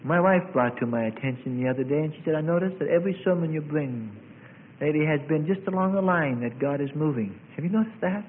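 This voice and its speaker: A man's voice: a little high, quick pace, a little hiss or hum. Preaching man, tinny phone-like sound. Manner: dramatic preaching with sudden swells and hushed drops. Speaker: pastor. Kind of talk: sermon.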